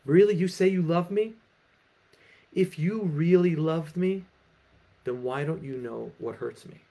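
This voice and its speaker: A man's voice: fairly high pitch, a little slow, warm tone, voice pushed up. A man voicing a drunk male Russian peasant who pleads with his friend about love. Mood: hurt.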